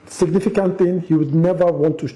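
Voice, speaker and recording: A middle-aged man, telling a family story in an interview, animated and acting out the quotes, with frequent restarts. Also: high-pitched, brisk. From Nigeria. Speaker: interview guest, father.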